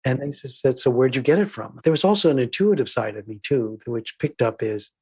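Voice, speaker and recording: A guest on a reflective storytelling interview, this diversity trainer and filmmaker tells workshop stories in a husky, mid-range, expressive voice at a brisk pace. He's thoughtful, acts out dialogue, and swings between soft and emphatic.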